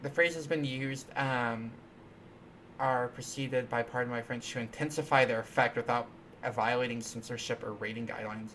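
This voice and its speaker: Bright-voiced guy rambling on his stream, lots of ums and restarts, bit of faint noise behind. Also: medium pitch, steady tone. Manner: rambling, halting, playful, many restarts and fillers. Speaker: livestream host. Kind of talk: casual live-stream chat while coding.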